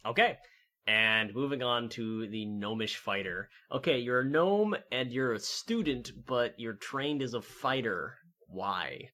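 A man running a tabletop game as game master, chatting casually and briskly moving things along. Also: medium pitch, expressive, pushed and bright.

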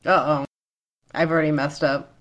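A woman's voice: low voice, little pitch movement, normal speed. A woman playing a tabletop game, joking and playful. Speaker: player. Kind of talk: casual tabletop play.

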